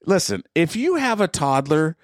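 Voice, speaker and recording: A man's voice: fairly high pitch, big pitch swings, normal speed, no echo, studio quality. A middle-aged man co-hosting a podcast, ranting bluntly and emphatically in casual chat. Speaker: podcast co-host.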